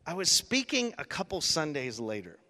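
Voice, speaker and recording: A man's voice: a little high, sing-song, moderate pace, sharp tone. A male pastor giving a sermon, telling an emotional personal story and rising to emphatic peaks. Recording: long reverb of a church hall.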